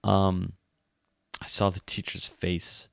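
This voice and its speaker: A young man co-hosting a podcast, talking in a casual, soft-spoken and hesitant way, with frequent restarts. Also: sits low, flat delivery, takes it slowly, creaky, clean tone, dry recording, clean studio sound. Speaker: podcast co-host. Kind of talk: casual chat.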